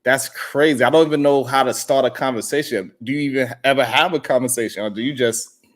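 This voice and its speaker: A male host in casual talk show banter. His voice sits in an ordinary middle pitch. He talks in an animated way, laughs often and keeps asking questions. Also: a little fast.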